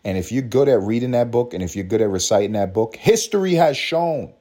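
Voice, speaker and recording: A man's voice: mid-range voice, expressive, fairly quick, mellow. A man hosting a podcast, ranting in a profane, mocking, storytelling way. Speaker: podcast host. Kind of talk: profane comedic rant.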